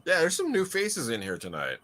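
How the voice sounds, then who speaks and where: A man's voice: on the high side, huge pitch swings, fairly quick, pushed and bright, slight background noise. A man co-hosting a casual livestream podcast, tossing in dry teasing quips. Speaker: podcast co-host.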